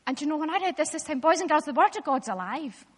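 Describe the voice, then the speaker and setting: A woman giving a lively, playful Bible talk in church, speaking directly to the children. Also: high voice, fast talker. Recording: echoey hall.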